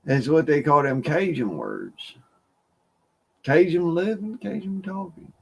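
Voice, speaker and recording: Southern man, slow drawl, swinging pitch, folksy rambling livestream chat. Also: very animated, vocal fry, a little mellow, breathy edge. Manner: folksy drawling storyteller, laughs often, mumbles some words. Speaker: livestream host.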